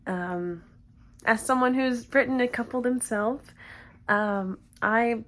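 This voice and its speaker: A woman's voice: a little high, takes it slowly, a bit bright. A woman creator chatting casually with viewers and reading fanfiction aloud, giggly and self-conscious, with lots of asides.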